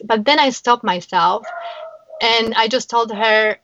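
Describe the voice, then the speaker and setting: A woman's voice: fairly high pitch, measured pace, fairly bright tone, dry recording, muffled recording. A woman guest in a casual interview, talking earnestly and emotionally, often restarting her sentences. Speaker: guest, founder of a kindness platform.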